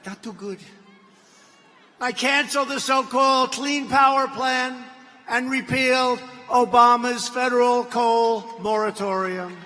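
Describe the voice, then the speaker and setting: A man's voice: very high voice, steady tone, measured pace, sharp tone, a little hiss or hum. Emphatic man giving a rally speech. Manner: boastful, emphatic, mocking asides. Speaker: political speaker at a rally. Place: large indoor arena. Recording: long reverb of a big arena.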